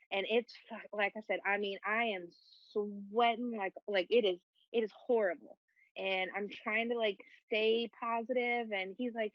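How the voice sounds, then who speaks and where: A young woman co-hosting a podcast, telling a story in a casual, animated, self-mocking way and swearing often. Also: mid-range voice, dry recording, muffled recording. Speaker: podcast co-host.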